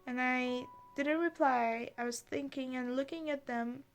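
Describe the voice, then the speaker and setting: A young woman telling a painful personal story as a vlogger, halting and anxious, with many fillers and restarts, close to tears. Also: sits high, fairly even intonation, soft background music. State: upset, on the verge of tears. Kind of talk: emotional storytime monologue.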